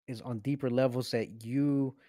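A man's voice: mid-range voice, moderate pace, no room sound. Fields: Sex: man. Role: podcast co-host. Style: laughing movie-review chat, dry close sound. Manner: animated, mock-serious, laughs often.

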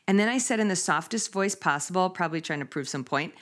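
A woman's voice: mid-range voice, quick pace, few pauses. A woman in her fifties hosting a casual chat, telling stories with laughter and acting out quotes. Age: 50s. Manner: animated, laughing, acts out quotes.

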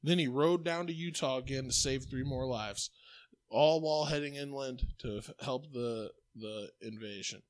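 A man's voice: mid-range voice, moderate pace. A man hosting a podcast, trading crude jokes and mocking insults in loose banter. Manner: profane, mocking, loud laughing. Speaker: podcast host.

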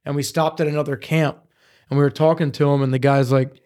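A man telling hunting stories in casual studio chat, profane and animated. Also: a little high, fast talker. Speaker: podcast co-host.

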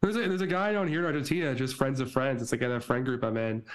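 A man co-hosting a podcast, telling stories in a relaxed casual chat, laughing often and swearing freely. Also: medium pitch, fast talker. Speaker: podcast co-host. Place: Argentina.

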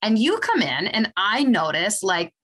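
A woman's voice: medium pitch, big pitch swings, measured pace, pushed and bright, husky. A woman hosting a podcast, a chiropractor who explains things in a casual, teacherly way. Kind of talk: casual interview chat.

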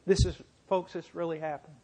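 Fervent preacher man, voice climbing high. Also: steady tone, a little fast. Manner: impassioned, rising to shouting fervor; repetitive emphatic phrasing. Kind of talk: sermon with storytelling.

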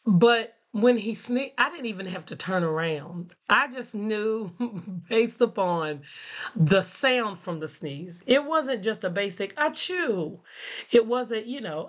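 A woman teacher telling a funny classroom story in a playful, animated way, laughing often. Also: medium pitch, slow pace. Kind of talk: casual storytelling.

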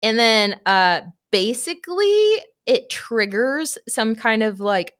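A young adult woman co-hosting a book club podcast, retelling a plot in casual, profane chat with quick asides. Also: a little high, very animated, a bit bright, no echo, studio quality.

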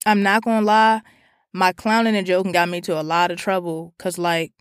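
Animated, profane young woman from D.C. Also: fairly low pitch, a little fast, clear, resonant tone, dry recording, studio quality. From Washington, D.C. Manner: animated, profane, slangy, acts out quoted voices. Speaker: storyteller. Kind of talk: comic storytelling monologue.

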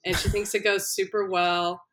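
A young woman chats casually with friends, retelling a story. She slips into the people she quotes and laughs easily. Her voice sits at an ordinary pitch for a woman. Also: normal speed. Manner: animated storyteller, acts out quotes, laughs often. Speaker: podcast co-host. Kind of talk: casual chat, retelling a reality show.

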